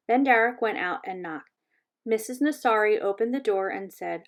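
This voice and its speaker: A woman reading a children's chapter book aloud in a gentle, measured storytelling voice. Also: medium pitch. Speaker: reader.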